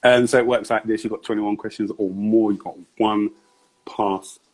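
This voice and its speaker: A man's voice: lowish voice, fairly even intonation, moderate pace, a little mellow. A man hosting a live-streamed interview show, talking in an upbeat, chatty way with slang. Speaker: host.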